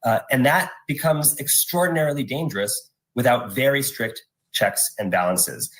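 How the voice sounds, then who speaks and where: A man speaking as a legal advocate in a news interview clip, measured and emphatic. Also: mid-range voice, a bit bright, low-quality recording.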